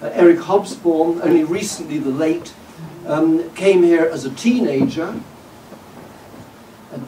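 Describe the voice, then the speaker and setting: A man's voice: on the high side, darkish tone. Man lecturing in a roomy hall. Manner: measured and discursive, with frequent "uh" and "um" and wry asides. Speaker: guest lecturer. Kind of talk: public lecture. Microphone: distant room mic. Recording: roomy hall audio from a distance with faint background noise.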